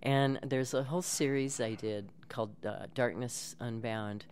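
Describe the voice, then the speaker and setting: A woman's voice: extremely low pitch, fairly even intonation, unhurried, a little mellow. A woman guest in a casual podcast interview, telling stories in a chatty way and laughing often. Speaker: actress and guest.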